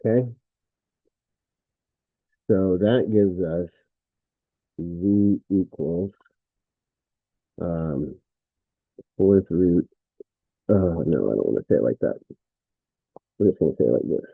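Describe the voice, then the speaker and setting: A lower-voiced man works through a math lesson, talking his way through each step and catching his own slips. His voice sounds thin and phone-like, with no room echo at all. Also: animated, slow, creaky, pauses often, slightly rough. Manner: thinks aloud, self-correcting, frequent fillers. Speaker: math teacher.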